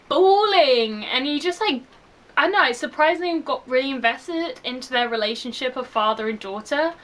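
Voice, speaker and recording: A young woman talking casually and animatedly, full of fillers, as she reviews a film for her channel. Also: fairly high pitch. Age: young adult. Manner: gushing and animated.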